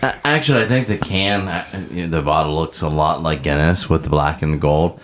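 A man's voice: rumbling low, brisk, a little hiss or hum. A man co-hosting a casual podcast chat, joking and teasing his friends. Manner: jokey, teasing, animated. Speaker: podcast co-host.

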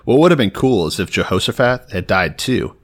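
A man from Texas co-hosting a podcast, retelling a Bible story in a profane, joking, animated way. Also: lowish voice, brisk. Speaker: podcast co-host. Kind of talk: casual comedic retelling of Bible stories.

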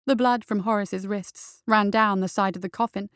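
A woman narrating a dark fantasy story in a steady, even reading voice. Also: medium pitch, moderate pace, few pauses, clear, resonant tone, no room sound, studio quality. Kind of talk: audiobook narration.

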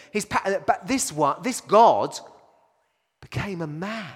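A man's voice: high voice, lively intonation, slow, breathy edge, big-room sound. A man preaching a sermon to his congregation in a casual, conversational way, asking rhetorical questions and restarting phrases often. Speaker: pastor.

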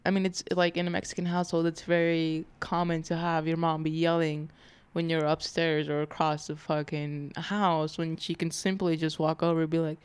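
A woman guest on a podcast in casual chat, calm and laid-back with short, dry replies. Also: sits low, normal speed, few pauses, clean tone.

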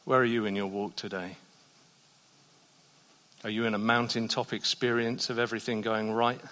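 A man preaching a sermon in a church, shifting between soft, hushed passages and loud, emphatic ones. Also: lowish voice, little pitch movement, moderate pace. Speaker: pastor. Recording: long reverb of a church hall.

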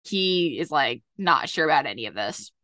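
A woman's voice: low-pitched, animated, moderate pace, pushed and bright, dry recording, clean studio sound. A young woman co-hosting a podcast, recapping a TV episode in a chatty, casual way, acting out quotes. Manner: chatty, acts out quotes, lots of "like". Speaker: podcast co-host.

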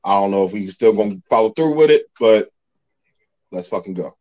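Blunt, low-voiced male podcast host. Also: lively intonation, a little fast, darkish tone, dull audio. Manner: blunt, profane, joking. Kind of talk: casual podcast chat.

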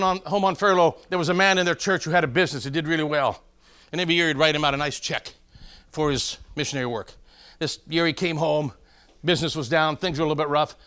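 A middle-aged man preaches in a high, bright, forceful voice. He spins folksy stories and keeps calling out to the congregation to follow along. His delivery rises and punches as he drives each point home. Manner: folksy storytelling, calls out to congregation. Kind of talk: sermon with joke stories.

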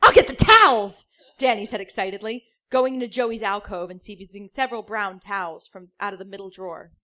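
Deadpan woman doing a comic reading. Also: medium pitch, fairly quick. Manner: deadpan, breaks into laughter. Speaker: comedian reading aloud.

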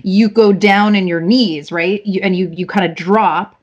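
A woman's voice: medium pitch, unhurried, lo-fi sound. A woman, an actress, telling stories in a casual, chatty conversation and laughing often. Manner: chatty, laughing, animated storytelling. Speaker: actress guest.

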